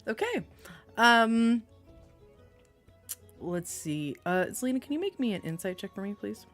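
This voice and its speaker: A woman's voice: a little high, big pitch swings, measured pace, faint music behind. A woman running a tabletop game as game master, narrating in a rambling, giggly way full of fillers.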